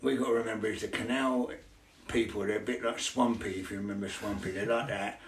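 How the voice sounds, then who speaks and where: Gravelly middle-aged bloke swearing through a story, echoey room, mic a bit far off. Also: male voice, lowish voice, steady tone, brisk, slight background noise. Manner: swears constantly, laughs through his stories. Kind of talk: casual storytelling.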